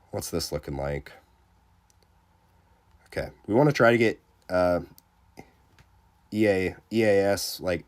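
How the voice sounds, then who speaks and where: A man with a cold, sounding congested as he chats casually on a game livestream and reads viewer comments in a relaxed, rambling way. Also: deep voice. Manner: relaxed, rambling, lots of fillers. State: sick, under the weather. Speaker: game streamer reading chat.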